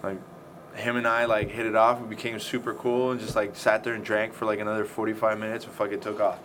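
A man's voice: lowish voice, level tone, fast. A man telling a story in casual chat, swearing often and acting out the scenes. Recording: faint background noise.

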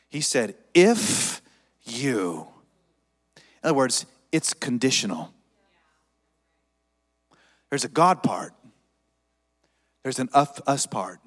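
Lively preaching man in a reverberant hall. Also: mid-range voice, slow, long pauses. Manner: dynamic preaching with call-and-response. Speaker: pastor. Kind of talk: sermon.

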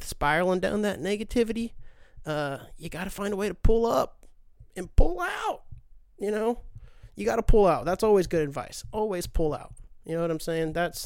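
Rambling, profane podcast host, dry sound. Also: male voice, sits high, darkish tone, smooth, no echo. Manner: rambling, profane, self-deprecating, says dude a lot. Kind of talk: casual monologue.

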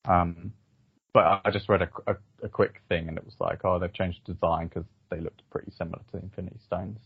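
A man's voice: low-pitched, flat delivery, quick pace, slightly rough, no echo. A man hosting a podcast, chatting casually about films with frequent ums and restarts. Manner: hesitant, lots of ums and restarts. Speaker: podcast host. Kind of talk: casual film review chat. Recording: dull, slightly lo-fi dry sound.

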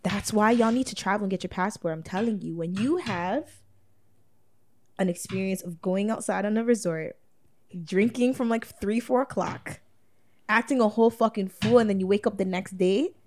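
A woman's voice: medium pitch, normal speed, a little mellow, a little hiss or hum. A woman, a guest in a casual chat, talking bluntly with lots of swearing and frequent laughter. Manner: blunt, profane, laughs often.

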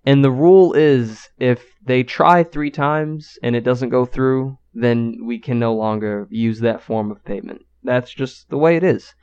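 A man's voice: mid-range voice, a little slow, few pauses, a little mellow, smooth, muffled recording. A man co-hosting a podcast, telling a story in a loose, profane style with lots of fillers. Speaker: podcast co-host. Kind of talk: casual storytelling.

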